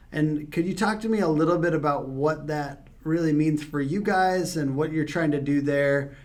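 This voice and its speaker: Man, interview host and marketer, upbeat, affirming, slightly higher voice. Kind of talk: conversational business interview.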